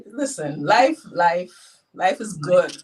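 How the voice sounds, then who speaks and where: A woman guest telling personal stories in a casual, emotional, animated way, with wide swings in how she speaks. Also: on the low side, slow, a little hiss or hum. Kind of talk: casual storytelling. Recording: voice a bit far from the mic.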